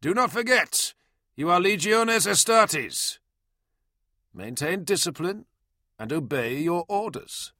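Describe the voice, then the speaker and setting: Male narrator as a sterile machine-like liaison: high-set voice, calm and commanding, gravelly edge. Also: slow pace, long pauses, dry recording, clean studio sound, full character voice. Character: cold mechanical male liaison voice over intercom.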